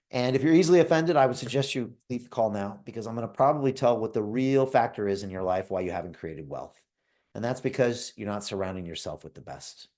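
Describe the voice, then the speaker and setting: A man hosting a live call and giving a motivational pitch, speaking emphatically, calling on listeners by name and asking "right?" again and again. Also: a little mellow. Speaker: host pitching an investment club.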